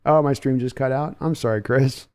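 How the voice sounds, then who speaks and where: A man's voice: mid-range voice, normal speed, a little mellow, clear, resonant tone. A man hosting a live sports podcast, calling play-by-play in a chatty manner and answering viewer comments. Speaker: podcast host.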